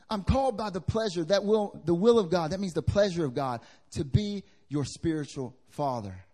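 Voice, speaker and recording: A young man preaches from the pulpit in a fairly high voice. He swings from loud bursts to soft asides and drops into casual slang to address the congregation. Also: moderate pace, few pauses. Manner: lively preaching with wide swings in pitch and loudness, casual slang. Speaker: pastor. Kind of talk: sermon. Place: church hall with congregation.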